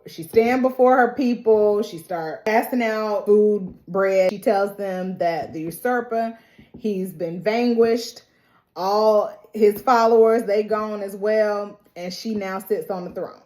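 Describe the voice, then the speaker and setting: A woman, recapping a TV episode in a lively, casual way, laughing often and acting out the characters' lines in slang. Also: on the high side, unhurried. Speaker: TV recap host. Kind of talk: animated TV recap retelling scenes.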